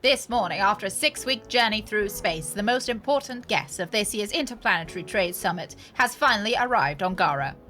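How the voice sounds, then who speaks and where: A woman puts on a polished female news anchor for a sci-fi game, delivering a bulletin in a measured, formal cadence. The voice is bright and clear, with soft music underneath. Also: medium pitch, animated. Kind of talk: reading a scripted news segment aloud.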